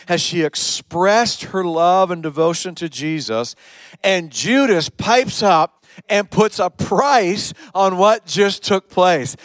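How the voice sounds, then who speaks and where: A pastor preaching a sermon in a fairly high voice. He retells the story with drama, dropping to a hush and then rising to a strong, emphatic push. The sound is close and dry. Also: no echo. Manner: storytelling preacher, swings between hushed and emphatic.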